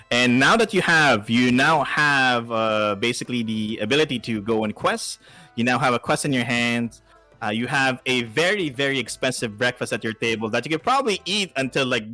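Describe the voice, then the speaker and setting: A man's voice: medium pitch, bright, forceful tone. Man running a tabletop game. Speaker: dungeon master.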